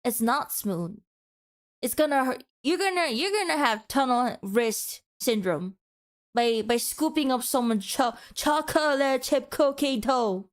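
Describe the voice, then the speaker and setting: A woman's voice: fairly high pitch, expressive, unhurried. A woman streamer giving a mock-passionate, teasing rant to her chat in a playful, dramatic way.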